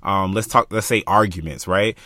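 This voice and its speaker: Young male podcast co-host, low-pitched, passionate, thinks out loud, close dry mic. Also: moderate pace, no echo. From Florida, US. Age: young adult. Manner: passionate, animated, talks through ideas with many fillers. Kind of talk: casual chat.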